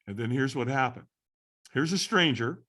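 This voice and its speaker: A middle-aged man, a podcast guest, tells a story with animated repetition. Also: medium pitch, moderate pace. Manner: animated storyteller who repeats phrases for effect. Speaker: podcast guest, firewalking instructor.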